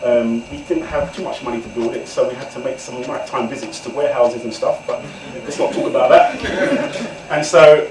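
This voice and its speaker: A man, an author telling comic stories to an audience in an animated way and laughing often. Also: medium pitch, a little fast. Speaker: author, guest speaker. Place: event room indoors. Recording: echoey room from far off, noisy.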